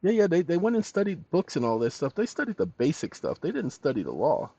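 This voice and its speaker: A man's voice: a little high, wildly swooping pitch, brisk, dark tone, husky, no room sound. A man hosting a tutorial, dictating prompts aloud with spoken punctuation between loose, chatty asides. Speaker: channel host. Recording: dull lo-fi recording.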